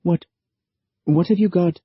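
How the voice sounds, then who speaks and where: A man's voice: high voice, unhurried, breathy edge, no room sound, pitched above the performer's own voice. Man voicing a snappy, stubborn young woman. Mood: eager pleading. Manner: snappy, then eager. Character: sharp-tongued young woman, curious and stubborn. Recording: dry, slightly dull audiobook recording.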